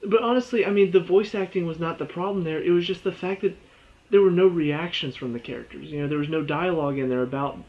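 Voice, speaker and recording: A man's voice: on the high side, fast, dull audio. A man giving a casual spoken game review, rambling and exasperated, with lots of "you know" and "all of a sudden.".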